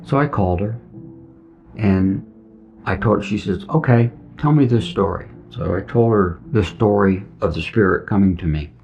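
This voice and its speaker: A middle-aged veteran, speaking in a low voice at normal speed, earnestly shares his story and acts out what was said. Soft music accompanies the dull lo-fi recording.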